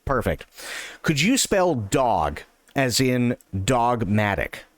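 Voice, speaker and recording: A man's voice: medium pitch, big pitch swings, slow pace, no room sound. A man playing a politely exasperated store clerk. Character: patient male grocery clerk, adult. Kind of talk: joke telling.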